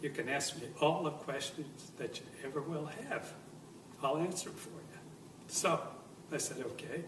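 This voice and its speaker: A man's voice: a little high, normal speed. Choked-up older man in an echoey room. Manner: choked up, apologizing as emotion overtakes him. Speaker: near-death experiencer. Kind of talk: personal testimony. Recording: echoey, distant with noisy background.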